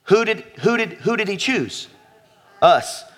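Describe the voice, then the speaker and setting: A man's voice: high-pitched, very animated, measured pace, fairly bright tone. A man preaching a sermon as pastor, emphatic, repeating phrases and asking the congregation questions. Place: church sanctuary.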